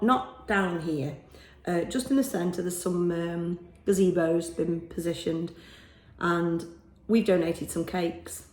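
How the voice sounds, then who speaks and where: A woman's voice: medium pitch, a little mellow. A woman, chatting in a rambling, easy way as she films a casual video diary inside her small shop. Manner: chatty, rambling, laughs easily. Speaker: shop owner vlogger. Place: small shop being renovated, indoors. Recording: echoey bare room.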